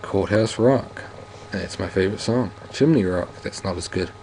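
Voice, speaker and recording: A man's voice: sits low, a little fast, gravelly, a little mellow, slight background noise, low-quality recording. A man playing a game and reading its narration aloud, stumbling over words now and then and adding casual asides in an odd put-on reading accent. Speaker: let's play host.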